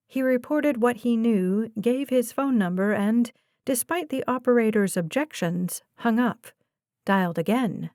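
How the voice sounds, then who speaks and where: A woman's voice: a little high, a little slow, mellow, dry recording. Woman narrating an audiobook, dry studio. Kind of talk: scripted narration.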